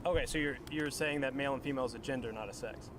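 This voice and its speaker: A man questions the wording of a point, stalling and restarting as he goes. His voice is of middling pitch. Loud background noise surrounds the whole recording. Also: very fast. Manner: hesitant, questioning, many restarts. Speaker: debate participant in a played clip. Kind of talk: street debate.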